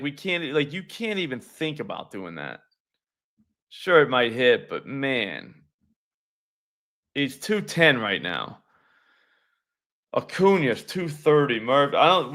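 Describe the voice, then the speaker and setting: Bright-voiced casual male betting host. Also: mid-range voice. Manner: loose, profane, talks to chat viewers. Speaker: sports betting show host. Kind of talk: casual live-stream chat.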